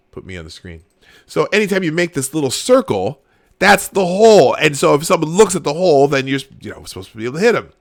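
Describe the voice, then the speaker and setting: A man's voice: mid-range voice, dry recording. A man in his forties hosting a casual live stream, rambling with frequent restarts and talking straight to his chat viewers. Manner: rambling, restarts often, laughs at own jokes; talks to chat viewers directly. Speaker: live show host.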